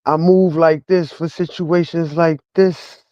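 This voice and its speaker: A man's voice: fairly high pitch, fairly even intonation, slow pace, warm tone, no echo. Taunting man on a dull, dry stream mic. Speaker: livestreamer. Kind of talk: casual livestream rant to chat.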